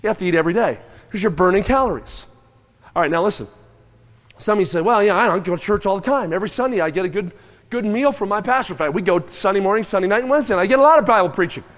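A man preaching a sermon, animated and folksy, mooing and calling on the congregation to join in. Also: sits high, racing. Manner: animated, moos and chews aloud, calls on the crowd. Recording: long hall reverb.

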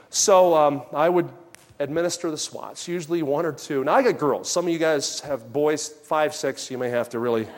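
A man delivering a sermon in a conversational, anecdotal way, dropping soft and low when he quotes himself. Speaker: pastor. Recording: long hall reverb.

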